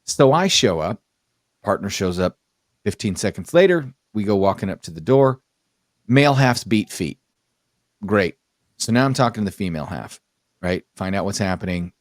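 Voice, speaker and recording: A man with a fairly low voice telling a long story in casual podcast chat, acting out the lines of the people in it. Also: dry recording, clean studio sound. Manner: animated storyteller acting out his own dialogue. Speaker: podcast host.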